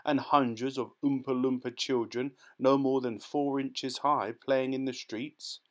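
A man narrating a children's storybook in a lively, expressive manner. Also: medium pitch. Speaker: audiobook narrator.

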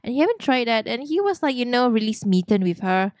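A young woman hosting a let's play, narrating a life-sim game in a bubbly, excitable way. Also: fairly high pitch, quick pace, no room sound, clean studio sound. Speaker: gaming channel host.

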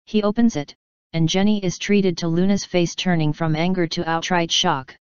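A woman reading a story aloud as a fanfiction narrator, steady and even. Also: fairly low pitch, moderate pace, clean tone, no room sound, lo-fi sound. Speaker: fanfiction reader.

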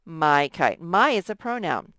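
A woman with a slightly low, smooth voice teaches a first grade lesson at an unhurried pace. She sounds out letters and stretches words patiently. The sound is dry and close. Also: big pitch swings, a bit bright, no room sound. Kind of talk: recorded lesson for young students.

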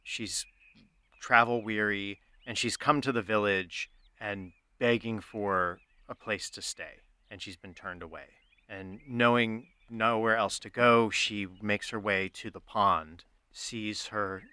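A man runs a tabletop game, narrating slowly and softly. His voice sits low with a very bright edge. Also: no room sound. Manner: slow, soft storyteller narration. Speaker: game master.

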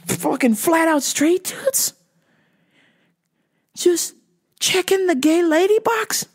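A woman hosting a podcast, ranting in a heated, profane way that swings between yelling and muttering. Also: high voice, big pitch swings, slow, long pauses. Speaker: podcast host.

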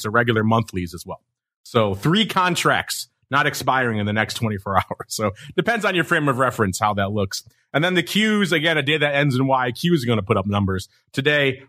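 A man's voice: on the high side, pushed and bright. A man hosting a market podcast, playfully teasing his co-host and rattling off trading figures. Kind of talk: casual market show talk.

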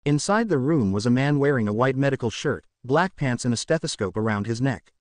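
Man reading a story with lively inflection. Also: medium pitch, brisk, dry recording, clean studio sound. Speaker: narrator. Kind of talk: fan fiction reading.

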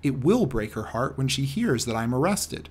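A man reading the part of a dying older man who confesses in an earnest, heavy way, in a husky voice. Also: medium pitch, big pitch swings, normal speed, darkish tone. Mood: anguished. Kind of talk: audiobook character reading.

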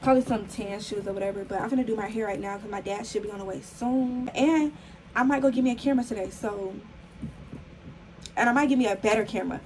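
A young woman in her twenties, slightly hoarse, chatting casually to the camera in a vlog filmed on her phone at home, full of fillers and calling viewers y'all. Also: mid-range voice, fast, darkish tone, slight background noise, poor audio. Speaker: vlogger.

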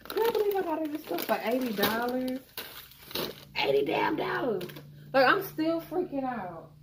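A woman's voice: sits high, very animated, moderate pace, noisy background. A young woman chatting casually to viewers about her grocery haul, calling them y'all. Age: young adult. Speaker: vlogger.

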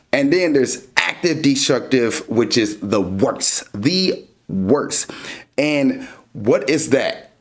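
A man hosting a dating podcast, casually explaining ideas through everyday examples. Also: medium pitch. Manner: explains through everyday examples, animated when acting out scenes.

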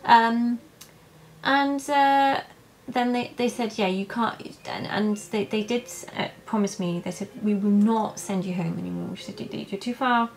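A woman's voice: on the high side, slight background noise, rough recording. Emotional woman telling her birth story. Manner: emotional, halting with many fillers and restarts. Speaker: vlogger. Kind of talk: personal birth story, casual.

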